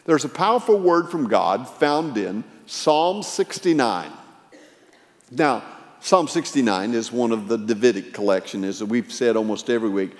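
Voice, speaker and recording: A man's voice: medium pitch, lively intonation, moderate pace, big-room sound. A man preaching a sermon, retelling scripture with dramatic swings in volume.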